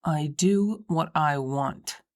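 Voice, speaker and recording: Woman doing a snarky ghost lady, low and dry, brushes everything off, audiobook. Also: takes it slowly. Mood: cold. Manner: dry, dismissive. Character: sardonic female ghost, unapologetic and willful.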